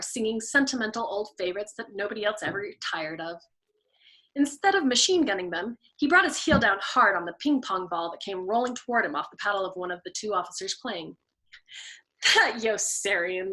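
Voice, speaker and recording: A woman reading a novel aloud as host of a storytime show, her narration lively and expressive. Her voice is bright and crisp, sitting at an ordinary middle pitch, and she gives the characters' lines their own voices.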